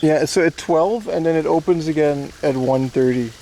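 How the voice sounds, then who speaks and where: A man's voice: on the high side, moderate pace, dark tone, a little hiss or hum. A man from Aruba joking and swearing as he chats to viewers on a casual outdoor livestream. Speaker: streamer. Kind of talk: casual IRL livestream chat. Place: outdoors at a zoo park.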